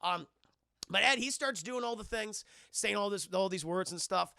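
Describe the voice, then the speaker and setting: Gravelly, profane streamer recapping a film. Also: male voice, sits high, normal speed, pushed and bright, dry recording, clean studio sound. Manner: profane, rambling, talks to chat. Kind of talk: casual live-stream chat.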